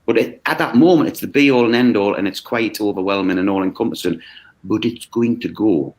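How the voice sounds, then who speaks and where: Guy, kinda low voice, chatty and animated, lots of "okay?" on a video call. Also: a little fast. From United Kingdom. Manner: animated, acts out quoted voices, frequent "okay?". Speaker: mindfulness course leader. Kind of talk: conversational explanation.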